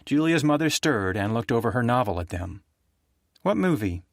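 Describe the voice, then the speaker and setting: Steady male audiobook narrator, dry sound. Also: mid-range voice, fairly quick, no echo. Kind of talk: scripted narration of a thriller.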